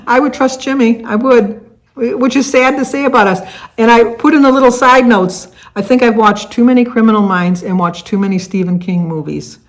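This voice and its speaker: A woman's voice: on the high side, moderate pace. An older woman from the Detroit area, United States, chatting casually to camera as a vlogger, rambling with lots of fillers and restarts. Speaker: vlogger hosting a tag video.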